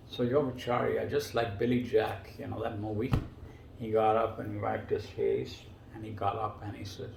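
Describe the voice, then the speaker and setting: Gravelly-voiced man telling animated stories. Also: normal speed, a little hiss or hum. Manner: animated, jumps much higher in pitch for quoted dialogue. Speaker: guest storyteller. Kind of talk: casual spoken storytelling. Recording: roomy echo.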